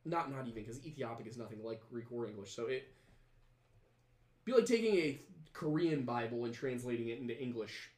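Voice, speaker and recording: A man's voice: medium pitch, expressive, fairly quick, a little mellow, echoey room. A man hosting a podcast, chatting casually and reading viewer comments, rambling with many fillers and restarts. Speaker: podcast host.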